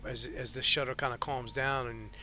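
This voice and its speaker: A man's voice: mid-range voice, fairly even intonation, normal speed, pushed and bright. A man narrating as game master of a tabletop game, rambling with fillers and restarts.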